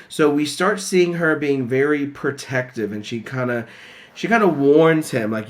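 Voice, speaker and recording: Male teacher, recorded lesson, relaxed chatty delivery with frequent ums. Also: medium pitch, moderate pace. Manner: casual, many fillers, reads quotes aloud.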